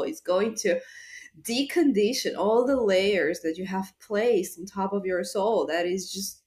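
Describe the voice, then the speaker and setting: Slow, earnest woman podcast host. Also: medium pitch. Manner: earnest, enthusiastic, with fillers and laughs. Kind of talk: casual motivational talk.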